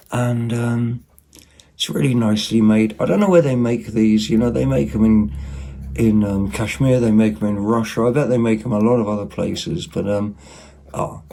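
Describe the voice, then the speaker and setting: A man's voice: mid-range voice, a little mellow. A man giving a rambling, casual show-and-tell of second-hand finds at home, with lots of ums and asides. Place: home, at a table.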